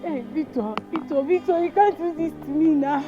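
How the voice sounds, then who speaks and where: Brief: actress as a pleading young Nigerian woman, high-voiced, music faint behind. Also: moderate pace, close to an everyday voice. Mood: distraught. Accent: Nigerian English. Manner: pleading, begging. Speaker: actress playing Amaka, a young woman pregnant by her sister's fiance. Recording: dull film audio with music behind.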